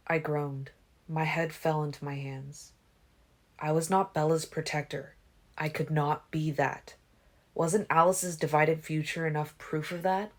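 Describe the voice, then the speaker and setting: Slow, low-voiced woman audiobook narrator. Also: fairly even intonation. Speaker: audiobook reader.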